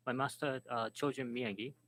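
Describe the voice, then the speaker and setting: A man moderating and interpreting at a symposium, speaking haltingly and restarting words. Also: medium pitch, fairly even intonation, fairly bright tone, low-quality recording. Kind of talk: symposium panel talk.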